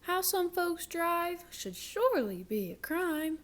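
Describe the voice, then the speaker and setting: A woman's voice: very high voice, very animated, slow pace, voice pushed up, full character voice. A woman voicing a fussy female cow in a children's storybook, with an indignant drawl.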